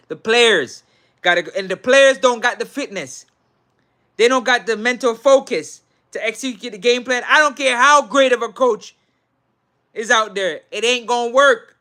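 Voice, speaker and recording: A Jamaican man hosts a live football talk show, answering viewer comments. His voice sits a little high and sounds bright and forceful. He says each point again and again, slipping into patois. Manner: animated and repetitive, Jamaican patois mixed in. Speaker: sports talk show host.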